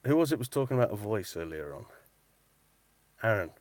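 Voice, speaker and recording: A man's voice: on the low side, brisk, long pauses, dry recording. A man chatting casually on a live stream, reading out comments in a cupboard he uses as a recording booth. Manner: chatty and animated, repeats himself. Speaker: metal-detecting vlogger and voice artist.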